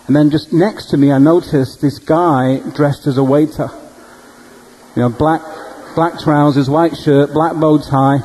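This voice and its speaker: A male preacher telling dream stories in a sermon, animated and humorous. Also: a little high, unhurried, slight background noise, rough recording. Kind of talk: storytelling sermon.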